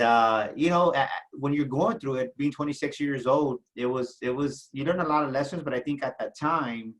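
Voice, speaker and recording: A middle-aged man from South Texas, an entrepreneur guest telling a personal story in an interview, halting and repeating words as emotion rises. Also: medium pitch, low-quality recording.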